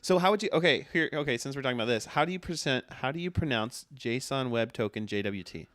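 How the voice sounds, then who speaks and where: A man's voice: medium pitch, expressive, fairly bright tone, no echo, clean studio sound. A man in casual podcast chat, asking questions and laughing easily. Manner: quick to laugh, asks questions.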